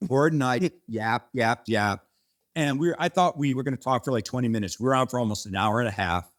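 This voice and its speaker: A company founder in a relaxed interview, talking in long rambling runs. His voice sits at an ordinary middle pitch, and he tells the story with plenty of restarts and the odd swear word. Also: fast talker. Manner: rambling and animated, frequent restarts and mild swearing.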